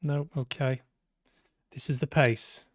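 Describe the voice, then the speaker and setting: Male streamer, unhurried and sardonic, dry close sound, swears freely. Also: medium pitch, steady tone, dry recording. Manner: sweary, sarcastic, talks back at the characters. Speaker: game streamer. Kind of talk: live let's-play commentary.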